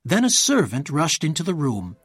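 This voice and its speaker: A man narrating a story aloud in a clear, measured way, voicing each character in turn. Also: on the high side, wildly swooping pitch, dry recording, clean studio sound.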